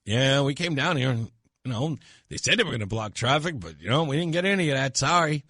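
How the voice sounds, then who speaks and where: A man's voice: fairly high pitch, big pitch swings, quick pace, vocal fry, sharp tone, husky, no room sound, studio quality, pitched below the performer's own voice, exaggerated voice. A male radio host imitating a disappointed male TV news reporter in a deflated, mocking tone.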